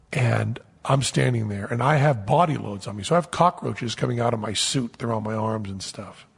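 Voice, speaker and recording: A man casually telling a lively anecdote as a podcast host, acting out the quotes. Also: medium pitch, gravelly, husky, in a large hall. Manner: animated storyteller, acts out quotes.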